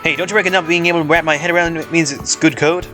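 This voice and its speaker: A man's voice: on the high side, fairly even intonation, very fast, pushed and bright, soft background music, voice pushed up. A man voicing a laid-back, chummy male troll who talks in a breezy, slangy way, in a fan comic read-aloud.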